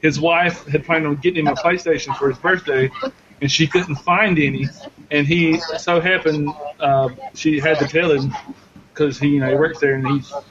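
A man's voice: fairly high pitch, steady tone, moderate pace. A man co-hosting a casual podcast, telling long rambling stories with many restarts. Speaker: podcast co-host. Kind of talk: casual chat. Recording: dull, noisy podcast recording.

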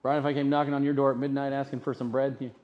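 A man's voice: medium pitch, level tone, racing, dull audio. A man preaching a sermon as pastor, conversational, often asking the congregation rhetorical questions.

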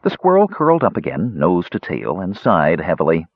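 Low husky guy reading fantasy, super lively delivery, dry dull lo-fi sound. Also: no echo. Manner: measured storytelling, animated phrasing. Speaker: audiobook narrator. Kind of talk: scripted fantasy narration.

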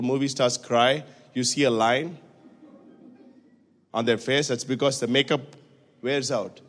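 A man preaching a sermon in a church, swinging from hushed, intimate passages to loud, high-pitched exhortation. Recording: reverberant church hall.

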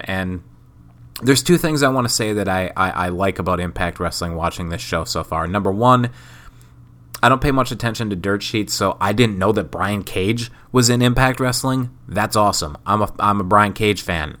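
A man in his thirties from Wisconsin talks through his solo podcast while sick. His voice sits a little low but comes across bright and forceful. He rambles, jokes at his own expense, and keeps going. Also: normal speed. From Wisconsin, USA. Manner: rambling, self-mocking, jokey. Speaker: podcast host. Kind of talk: casual solo podcast commentary.

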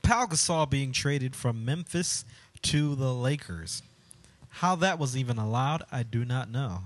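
A man's voice: medium pitch, animated, unhurried, no echo. A man co-hosting a casual sports talk show, upbeat and laughing often as he moves between segments. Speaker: podcast co-host.

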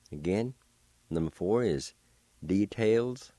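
Man, language lesson, slow and patient, dry close sound, repeats every word. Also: low voice, animated, warm tone, no echo. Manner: careful, spells words letter by letter and repeats them. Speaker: radio language teacher.

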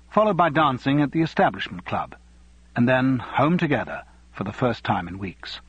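A man reading a novel aloud as narrator, in a measured, even way. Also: mid-range voice, slightly rough, dull audio. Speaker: audiobook narrator. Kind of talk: scripted narration.

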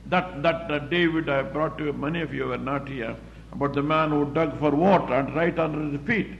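A man's voice: fairly high pitch, creaky. Man preaching a sermon, echoey room. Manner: plain-spoken, repetitive, halting with fillers. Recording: roomy, muffled recording with faint background hum.

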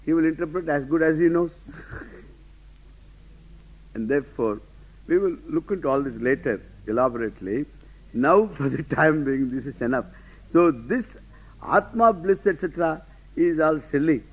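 Emphatic high-voiced man lecturing. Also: lively intonation, normal speed, pauses often. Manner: rhetorical questions, emphatic, laughing asides. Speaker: Vedanta teacher. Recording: dull lo-fi lecture recording.

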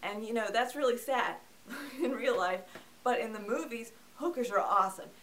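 Casual vlogger, woman, joking movie reviewer with a slightly high voice. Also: normal speed, a bit bright, slight background noise. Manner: chatty and joking, acts out characters.

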